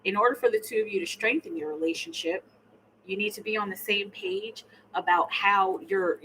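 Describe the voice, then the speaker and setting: A woman's voice: medium pitch, steady tone, normal speed, fairly bright tone, a little hiss or hum, low-quality recording. A woman giving a live tarot reading, chatting casually and laughing, sometimes murmuring her questions to the cards. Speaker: tarot reader.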